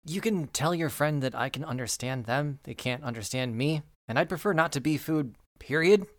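A man's voice: a little high, moderate pace, no echo, clean studio sound, natural voice. A man voicing Steve Irwin, a wary talking fish. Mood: friendly. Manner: casual, easygoing, folksy advice. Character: helpful talking river fish guide, wary.

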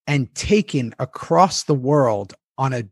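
Husky guy swearing, retelling a plot all worked up. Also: mid-range voice, slow pace, dry recording, studio quality. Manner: excitable storytelling, swears freely, laughs often. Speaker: podcast co-host, former cast member. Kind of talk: casual rewatch chat.

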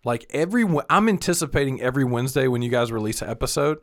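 A man's voice: medium pitch, racing. A middle-aged man co-hosting a podcast, telling stories in casual, profane chat. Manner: animated storyteller, swears freely. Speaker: podcast co-host.

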